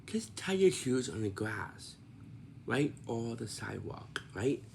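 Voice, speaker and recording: A man's voice: medium pitch, big pitch swings, slow pace, vocal fry, darkish tone, a little hiss or hum. A man giving casual advice in a monologue, repeating himself, restarting phrases and ending points with "right?". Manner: repetitive, instructive, many restarts and tag questions. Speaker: vlogger giving life advice.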